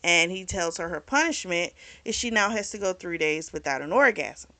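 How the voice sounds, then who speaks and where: A woman's voice: fairly low pitch, animated, moderate pace, pushed and bright. A woman hosting a book club video, giving a casual, blunt recap of a novel's plot and peppering it with swearing and "like.". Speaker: book club vlog host.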